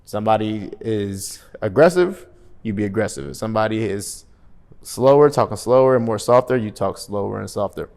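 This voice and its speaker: A man giving an energetic, emphatic sales coaching talk, often checking in with "right?" and acting out phone calls in different tones. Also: on the low side, normal speed, creaky. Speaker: real estate sales coach.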